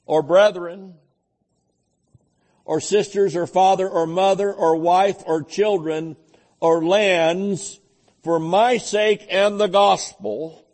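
A pastor preaching with a slightly high-pitched voice. He takes his time, drawing words out slowly, and drops jokes and amens between lines of scripture. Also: darkish tone. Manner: joking, folksy preaching with frequent amens. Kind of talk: sermon.

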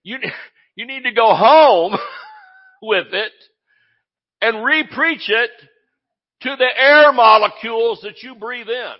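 A male pastor preaching a sermon in an animated, exclamatory way, often laughing as he speaks. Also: very high voice, slow, long pauses, lo-fi sound.

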